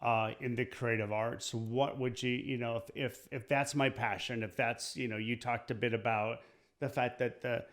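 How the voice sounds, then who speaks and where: Halting middle-aged male interviewer. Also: mid-range voice, fairly even intonation, fairly bright tone. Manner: halting, repeats words while asking questions. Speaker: interview host. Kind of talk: casual interview.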